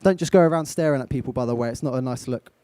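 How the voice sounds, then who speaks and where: A young English motivational speaker delivers a live, direct coaching talk on an event stage, firing questions at his audience. He speaks rapid-fire in a warm, medium-pitched voice, captured in a dry recording.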